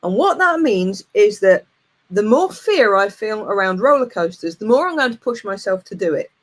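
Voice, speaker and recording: A woman in her forties, a coach giving a lively, plain-spoken motivational talk and telling a frank personal story. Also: medium pitch, normal speed. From United Kingdom. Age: 40s.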